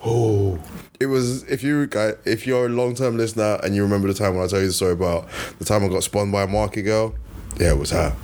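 A man co-hosting a podcast, telling a story in an animated, drawn-out way. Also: on the low side. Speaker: podcast co-host.

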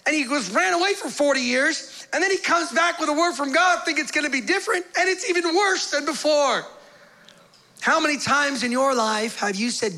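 A man with an unusually high, bright voice preaches a sermon. He talks in a lively, conversational way, dropping playful asides between readings of scripture. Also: normal speed. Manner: reads scripture aloud, voicing the quoted figures. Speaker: pastor.

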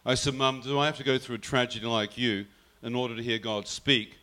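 A man tells his own story in a bright, forceful voice. He speaks earnestly and slips into his mother's words as he recounts them. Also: medium pitch, steady tone, brisk. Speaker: guest telling his testimony. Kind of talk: personal storytelling.

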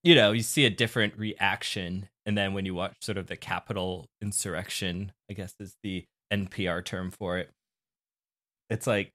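Giggly bright-voiced man chatting. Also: low-pitched, fairly even intonation, normal speed. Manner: giggly, laughs often while talking. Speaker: podcast co-host. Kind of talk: casual chat.

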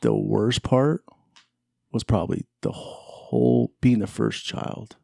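A man's voice: mid-range voice, steady tone, slow, creaky, warm tone, no echo, studio quality. A middle-aged man, the host's older brother, joking and teasing in a casual family chat. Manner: joking, teasing, laughs often.

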